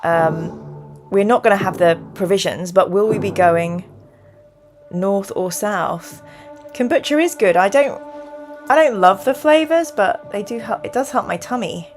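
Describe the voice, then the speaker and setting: A woman with a mid-range voice and lively intonation speaks at a measured pace, music playing behind her. She's hosting a live stream from home, playing a gamebook by reading the adventure aloud and chatting in rambling asides.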